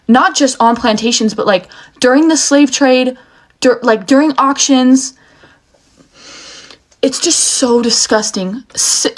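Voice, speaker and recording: Young woman, higher voice, angry video rant full of swearing. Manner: heated, swearing, restless. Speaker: video commentator. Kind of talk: emotional rant to camera.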